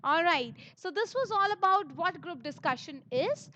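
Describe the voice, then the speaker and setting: An Indian English-accented woman teaches an online lesson, her very high voice bright with encouragement as she speaks straight to her students. The recording sounds dull and lo-fi. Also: lively intonation, moderate pace, a little hiss or hum. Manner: upbeat, encouraging, addresses students directly.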